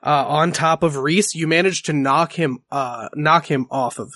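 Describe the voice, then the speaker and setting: A man narrating as game master of a tabletop game, laid-back and casual, with halting fillers and offhand swearing. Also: a little high, sharp tone.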